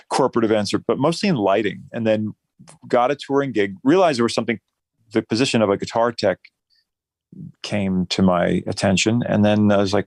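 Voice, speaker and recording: A man's voice: fairly low pitch, a little mellow, no echo. A middle-aged man from New Jersey, a musician guest telling rambling, self-deprecating stories in a casual interview.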